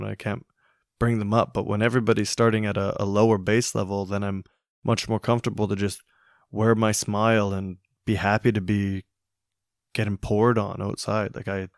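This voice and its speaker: A man hosting a solo podcast, thinking aloud in a musing, hesitant way with many pauses and restarts. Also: on the low side, little pitch movement, vocal fry, no room sound, studio quality. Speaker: podcast host. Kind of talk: reflective solo podcast monologue.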